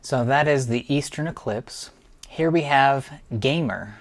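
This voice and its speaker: A man in middle age talks through his own piano pieces as a teacher. His delivery is enthusiastic and explanatory, the tone of someone guiding fellow teachers through a book. His pitch sits in an ordinary middle range. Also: a little slow. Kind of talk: instructional walkthrough.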